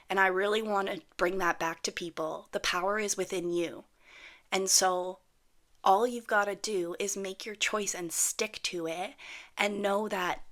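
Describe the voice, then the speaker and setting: A manifestation vlogger in her thirties talks casually to camera, her voice medium-pitched with a fairly bright tone. She's chatty and blunt, swearing freely while telling a story about manifestation.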